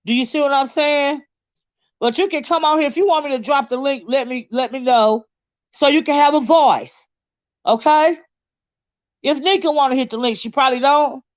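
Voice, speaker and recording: A woman hosting a livestream chats casually, fired up, blunt and swearing freely, often tripping over repeated words. Her voice is high and her pace moderate, on a recording with no room sound and the highs cut off.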